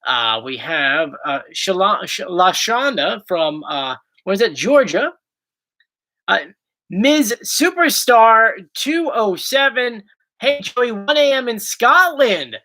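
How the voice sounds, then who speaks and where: A man's voice: sits high, very animated, slow, pushed and bright. A man hosting a casual livestream chat, playful and teasing his partner. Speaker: host.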